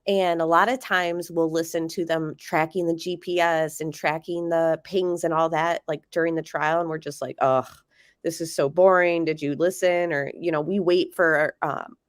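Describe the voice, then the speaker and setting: A woman's voice: deep voice, little pitch movement, normal speed, few pauses, no echo, studio quality. A woman hosting a casual true-crime livestream, chatting and greeting viewers while she has a cold that leaves her voice nasal and congested. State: sick, congested. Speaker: livestream host.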